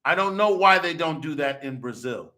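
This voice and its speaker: This American podcaster answers viewer comments by lecturing and arguing, full of rhetorical questions, restarts, repetition and a constant "okay?". He sounds a little high and expressive, with a sharp tone and a moderate pace.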